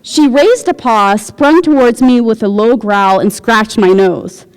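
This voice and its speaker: A woman reading her own fiction aloud at a university, with a wry, deadpan delivery. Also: on the high side, a little slow, smooth, big-room sound. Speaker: visiting writer. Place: university lecture hall.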